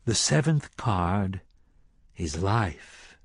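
A sly, taunting male sorcerer from an audiobook, as a man reads him. The voice sits low and husky and swings widely in pitch. It sounds dry and close, with no room around it. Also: sing-song, extremely slow, no room sound, heavily acted. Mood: hushed, ominous. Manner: taunting and teasing. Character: sly mocking male sorcerer reading tarot.

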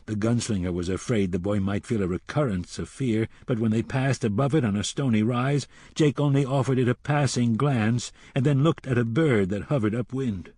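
Man, audiobook narration, husky voice, dry close sound, measured reading. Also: medium pitch, darkish tone, dry recording.

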